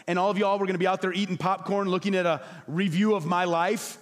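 A man preaching a passionate sermon as pastor, emphatic and repetitive, at times dropping to soft, low tones. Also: fairly even intonation, quick pace, long reverb tail. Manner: acts out quoted voices, drops to soft low tones. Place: church hall.

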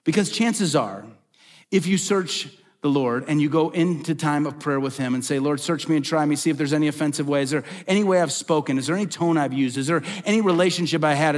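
A middle-aged male pastor preaches a sermon in a church sanctuary, his fairly high voice moving quickly. He is emphatic, repeating phrases and asking rhetorical questions, and the long reverb of a large hall surrounds him.

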